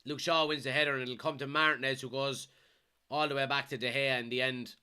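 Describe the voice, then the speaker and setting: An Irish man from Kilkenny with a blocked nose from a cold, excitedly commenting live on a football match and reading out chat messages as a watchalong streamer. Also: medium pitch, fairly quick, clean tone. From Kilkenny, Ireland. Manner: excitable, shouts at players and referee.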